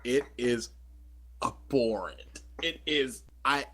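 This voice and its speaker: A man's voice: mid-range voice, takes it slowly, fairly bright tone, a little hiss or hum. A man co-hosting a podcast, chatting casually and telling a rambling story full of fillers and self-corrections. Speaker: podcast co-host.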